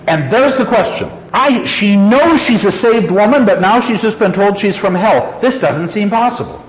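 A man's voice: high-pitched, expressive, moderate pace, few pauses. A man lecturing on a story he reads aloud, chuckling often and repeating phrases for emphasis, in an echoey, dull-sounding hall recording.

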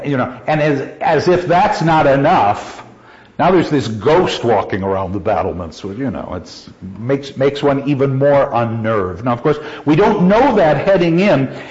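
In a dull, lo-fi classroom recording, a male literature teacher with a medium-pitched voice talks through a play. He's lively and quick to laugh, now and then performing quoted lines in a louder voice.

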